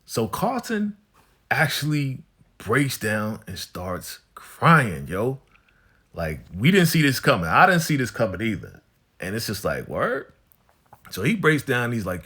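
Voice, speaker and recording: A man's voice: mid-range voice, huge pitch swings, a little slow, bright, forceful tone, breathy edge. A man casually recapping a TV episode in a laid-back, slang-filled way, often tagging his lines with "right?" and "you know".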